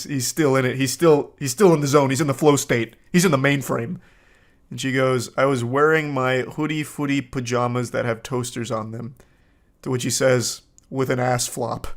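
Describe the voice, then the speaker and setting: A man in his thirties hosting reaction commentary, reading dating texts aloud with incredulous, crude outbursts. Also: medium pitch. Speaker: commentary host.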